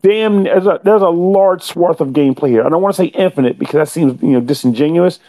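A man's voice: on the high side, quick pace, dark tone. A man on a podcast giving a wordy, talkative game review, often correcting himself mid-sentence.

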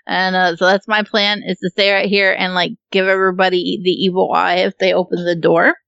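A woman's voice: fairly low pitch, flat delivery, a little fast, gravelly, a bit bright, clear, resonant tone, dry recording, highs cut off. Laid-back swearing woman podcast co-host. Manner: laid-back, swears freely, laughs often. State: allergies, hiccups. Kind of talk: casual chat.

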